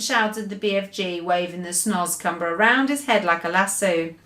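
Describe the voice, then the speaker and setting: A woman teacher reading a children's story aloud to her class with expressive narration. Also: fairly low pitch, moderate pace, reverberant.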